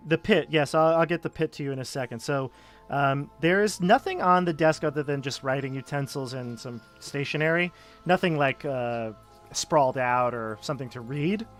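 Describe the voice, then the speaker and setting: A man narrating as game master of a tabletop game, casual and halting with many fillers. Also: mid-range voice, a bit bright, soft background music.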